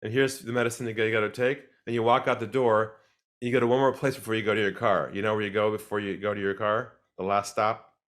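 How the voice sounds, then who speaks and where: Calm, deliberate man explaining sales. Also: lowish voice. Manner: calm, deliberate, mimics people he quotes. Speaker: sales expert guest. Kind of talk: interview, teaching sales.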